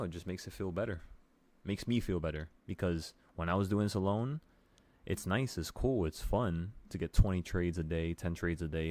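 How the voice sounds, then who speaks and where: Male trading streamer, deep voice, casual and offhand, swears. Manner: relaxed, swearing, talks to viewers with "bro". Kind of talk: casual chart walkthrough.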